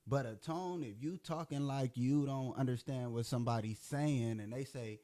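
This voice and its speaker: A man's voice: mid-range voice, moderate pace, hardly any pauses, mellow. Blunt man arguing in slang. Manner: blunt, insistent, uses slang like "bro". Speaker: host. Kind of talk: heated casual debate.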